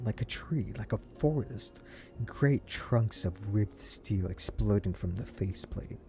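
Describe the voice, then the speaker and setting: A man playing a story game, reading its text aloud and breaking into excited comments and laughs. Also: fairly low pitch. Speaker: let's play gamer.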